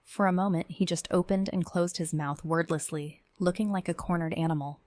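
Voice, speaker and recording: A woman giving measured, tense first-person narration of a scripted horror story. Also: on the low side, steady tone, darkish tone, dry recording.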